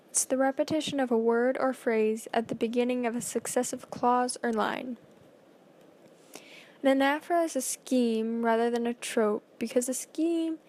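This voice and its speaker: Reading a school presentation aloud, a woman with a slightly high but darkish-toned voice proceeds carefully. She stumbles now and then and fills the gaps with small fillers.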